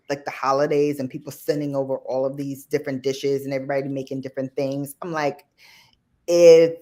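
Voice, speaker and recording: A woman guest on a live stream, telling stories in a rambling, reflective way with plenty of fillers. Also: deep voice. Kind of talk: casual live stream chat.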